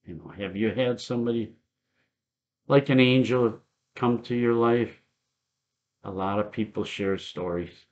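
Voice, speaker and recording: A middle-aged man leads a Bible study as pastor, unhurried and reflective, breaking into soft laughs as he tells stories. His voice sits somewhat low, and the recording is dull and lo-fi. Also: creaky. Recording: dull lo-fi sound.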